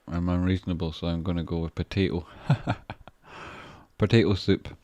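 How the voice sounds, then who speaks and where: A man's voice: low voice, steady tone, moderate pace, a little mellow, no room sound. A man with a Scottish accent chatting casually on a trading livestream, reading viewer messages, swearing freely and thanking people effusively.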